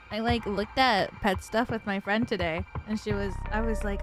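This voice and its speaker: A woman's voice: mid-range voice, steady tone, moderate pace, over music. A woman streamer chatting casually with viewers, giggly and rambling with lots of fillers.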